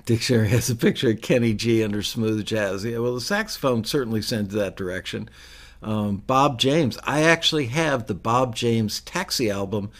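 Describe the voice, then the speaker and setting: A man's voice: mid-range voice, moderate pace, fairly bright tone. A man hosting a casual chat about music, thinking aloud and rambling with many fillers. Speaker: host.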